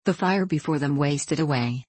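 A woman narrating a classic novel in a measured reading voice, voicing each character with small shifts. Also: deep voice, darkish tone, breathy edge, no room sound. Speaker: audiobook narrator.

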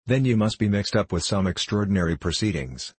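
A man's voice: on the low side, lively intonation, brisk, slightly rough, dry recording. A man reading as a scornful young governess. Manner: scornful, cutting. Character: sharp proud young female governess. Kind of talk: audiobook reading.

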